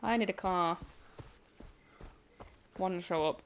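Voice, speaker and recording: A woman from Chesterfield, England, with a Derbyshire-Yorkshire border accent, streams a game and chats casually, poking fun at herself and swearing now and then. Her voice is fairly low and slow, with slight background noise and game music behind her.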